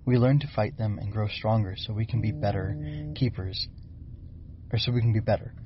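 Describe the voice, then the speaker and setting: A man's voice: fairly low pitch, steady tone, normal speed, highs cut off, over music, natural voice. A man voicing an eager, argumentative young bug girl. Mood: insistent. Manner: pushy, insistent questioning.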